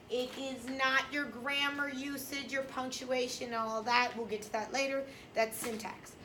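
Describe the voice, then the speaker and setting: A woman lectures her classroom in a blunt, emphatic, sassy way. Her voice sits a touch high and rings bright and forceful. Faint background noise from the room sits under her words. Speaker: high school English teacher.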